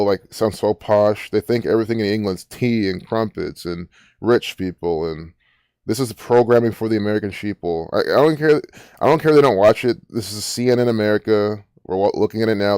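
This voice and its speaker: A man's voice: on the low side, darkish tone, clear, resonant tone, no echo, studio quality. Rambling, profane man ranting. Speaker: channel host. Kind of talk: ranting screen-reading commentary.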